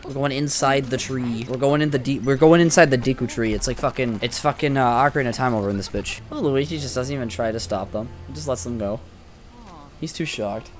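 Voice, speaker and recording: A young adult man giving excitable, profane, joking let's play commentary as a gaming YouTuber. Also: mid-range voice, fairly quick, soft background music.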